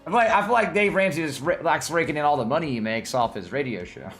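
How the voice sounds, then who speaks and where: With soft music in the background, a Southern-accented man from Tennessee talks fast in a slightly high voice. He's hosting a livestream, chatting casually, full of excitable energy and frequent laughs.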